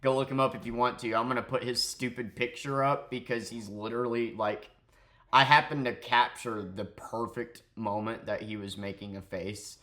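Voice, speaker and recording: A young man delivers a heated vlog rant at a middling pitch. He swears freely and turns sarcastic, mocking his target with scornful jabs. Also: steady tone, normal speed, pushed and bright. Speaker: streamer and vlogger. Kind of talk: ranting commentary vlog.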